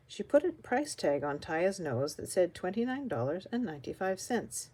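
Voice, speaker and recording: An older woman reading a children's picture book aloud, her voice rising and falling with lively expression. She tells the story warmly paced and animated, slowing and softening at the tense moments. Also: lowish voice, breathy edge. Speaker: storybook reader.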